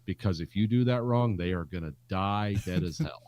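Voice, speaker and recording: A man's voice: low voice, moderate pace, darkish tone. A middle-aged man co-hosting a casual film podcast, telling rambling, jokey stories full of fillers. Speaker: podcast co-host.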